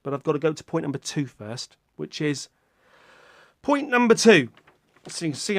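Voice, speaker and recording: A British man rambles to his viewers in a casual vlog, poking fun at himself and swearing offhandedly. His voice sits fairly high for a man, and it bursts into loud, animated exclamations. The sound is close and dry, with no room echo. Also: normal speed, pauses often. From Britain. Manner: rambling, self-mocking, with sudden loud animated outbursts. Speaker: YouTuber.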